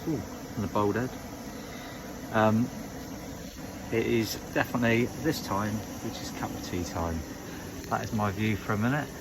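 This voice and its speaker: A man chatting casually as he vlogs a fishing trip, joking around in a relaxed way. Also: on the low side. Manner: chatty, jokey, laid-back. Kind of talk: casual vlog chat. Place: outdoors and in a car. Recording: lo-fi with noise.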